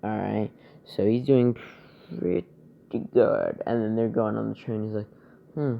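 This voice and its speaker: A man casually retelling a fan story, rambling and halting as he searches for words, on a dull lo-fi recording. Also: lowish voice, creaky.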